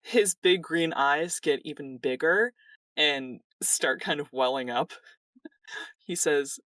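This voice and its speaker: Unhurried game master narration, dry sound, mic set back a bit. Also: mid-range voice, sharp tone, dry recording, distant mic.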